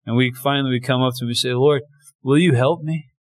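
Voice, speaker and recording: A man's voice: mid-range voice, steady tone, quick pace. A man preaching a sermon in a conversational way, often restarting lines and acting out short quotes. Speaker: pastor.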